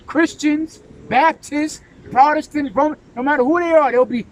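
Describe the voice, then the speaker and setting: Emphatic high-voiced preaching man. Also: normal speed, slight background noise, low-quality recording. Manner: emphatic, keeps asking "right?" and saying "man". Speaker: religious teacher. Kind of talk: preaching-style scripture discussion.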